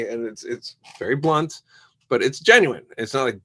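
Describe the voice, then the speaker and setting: A musician guest on a casual podcast interview animatedly tells stories about making music, acting out quoted voices along the way. He speaks at normal speed in an everyday middle pitch.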